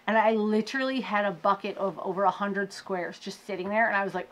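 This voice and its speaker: A woman hosting a crafting podcast, chatting casually with her viewers about her projects, laughing often and poking fun at her own slow progress. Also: medium pitch, steady tone, a bit bright. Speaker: crochet podcast host. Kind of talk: casual show-and-tell chat.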